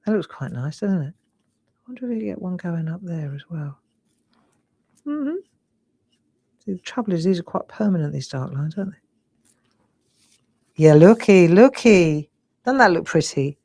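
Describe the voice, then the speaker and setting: A craft demonstrator from England, in her sixties, talks through a live drawing demo in a slightly Cockney accent. Her lowish voice is expressive and a little breathy, at normal speed with long pauses, and the recording is dry. Chatty and warm, she keeps saying "look" and "lovely."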